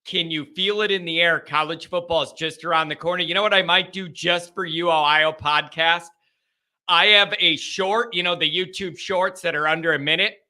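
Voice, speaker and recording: A man's voice: fairly high pitch, fairly even intonation, normal speed, pushed and bright. A man hosting a fan call-in show, chatting casually and teasing himself as he talks straight to his viewers. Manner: chatty and self-mocking, talks straight to the audience.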